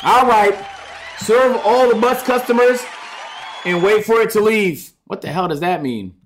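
A young man streaming a game, loud, profane and excitable, talking to his chat. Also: high-pitched, a little slow, some chatter behind, slight background noise. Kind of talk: gaming livestream commentary.

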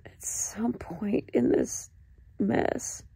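Gravelly, husky woman, shaken and ashamed. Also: medium pitch, mellow, no room sound, whispered. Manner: halting, distressed and ashamed, with swearing. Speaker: vlogger. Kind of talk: raw confessional diary clip.

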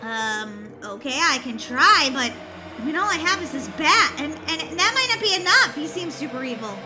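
A woman hosting a game let's-play with bubbly, excitable, jokey commentary. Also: high-pitched, moderate pace. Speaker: gaming channel host. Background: game music.

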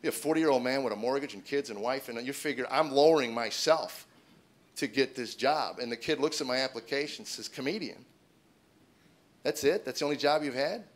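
Brief: middle-aged male stand-up comic, quick delivery, jumps loud and high for acted quotes. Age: 40s. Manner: animated, acts out quotes with big loud jumps in pitch. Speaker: stand-up comedian. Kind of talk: stand-up storytelling testimony. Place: stage before an audience.

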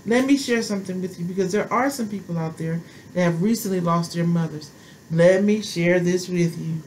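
A woman's voice: medium pitch, brisk, a little mellow, slight background noise, poor audio. Woman preaching in emphatic repeats. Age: middle-aged or older, a grandmother. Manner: repetitive, emphatic preaching with exclamations. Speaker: prophetess. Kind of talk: sermon.

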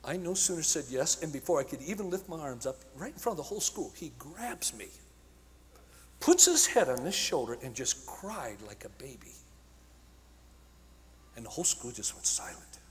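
A man preaching at a conference, telling stories with passion, shouting at times and dropping to a hush at others. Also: medium pitch, very animated, moderate pace, a little hiss or hum. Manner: impassioned storytelling, swinging from shouts to hushed tones. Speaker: evangelist speaker. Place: large conference hall. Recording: long hall reverb.

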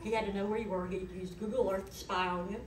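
A woman's voice: medium pitch, fairly even intonation, fast, slight background noise. A middle-aged woman, giving a eulogy in a chatty, folksy storytelling way. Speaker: eulogist, daughter of the deceased. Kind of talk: eulogy told as personal stories. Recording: echoey hall, voice from far off.

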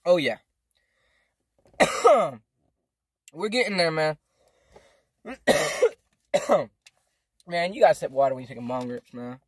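A man's voice: fairly high pitch, expressive, slow, long pauses, husky, no echo, clean studio sound. A young man telling a casual storytime vlog from home, rambling in slangy, profane speech. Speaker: vlogger.

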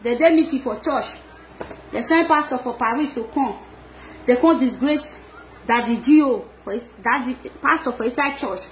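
Nigerian Pidgin woman, high voice, animated gossip vlogger, laughs and scolds often. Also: normal speed, a little hiss or hum. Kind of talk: casual gossip monologue.

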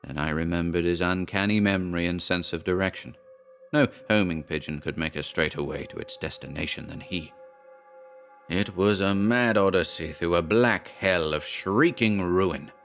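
Horror audiobook reader: very low-pitched man, measured and dramatic. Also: fairly bright tone, soft background music. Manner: measured, dramatic first-person storytelling. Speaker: audiobook narrator. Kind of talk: scripted horror narration.

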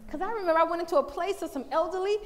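A woman giving a lively, conversational talk at a church as the women's day speaker, animated and laughing often. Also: very high-pitched, rapid-fire.

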